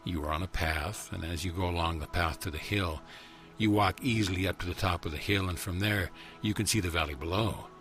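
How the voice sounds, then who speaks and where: Deep-voiced man leading a guided meditation. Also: a bit bright, faint music behind. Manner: slow, measured, soothing cadence with repeated questions. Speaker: spiritual teacher.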